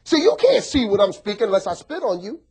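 A male pastor preaching a sermon, joking with the congregation and swinging from soft asides to shouts. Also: sits high, very animated, fast talker, husky.

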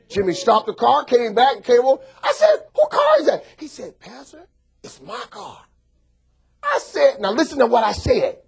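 A male pastor with a very high voice preaches a sermon, speaking animatedly to his congregation and often bursting into shouts.

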